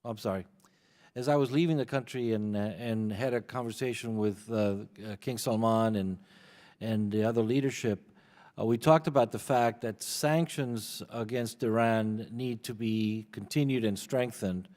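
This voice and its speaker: A man's voice: fairly low pitch, steady tone, normal speed, a little mellow. Male witness testifying in an echoing hall. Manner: earnest, repeats words when starting a point. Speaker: hearing witness. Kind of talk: testimony at a committee hearing. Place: large hearing room. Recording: long hall reverb.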